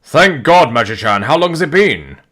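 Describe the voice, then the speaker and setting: A man's voice: mid-range voice, sing-song, moderate pace, bright, forceful tone. A man reading the lines of an eager, self-important young comic hero during a live reading. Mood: excited.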